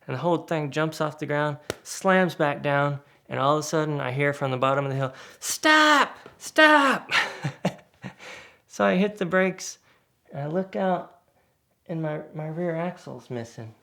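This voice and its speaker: A man telling a casual spoken anecdote in a lively way, acting out the other people's lines. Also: moderate pace, creaky. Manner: lively, acts out quoted voices with sudden pitch jumps. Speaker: guest storyteller.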